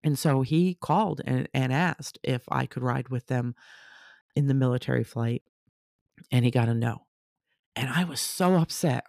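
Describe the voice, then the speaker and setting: A woman telling a personal story casually, animated, acting out the people she quotes. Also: extremely low pitch, normal speed, gravelly, no echo, clean studio sound. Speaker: storyteller sharing a personal testimony.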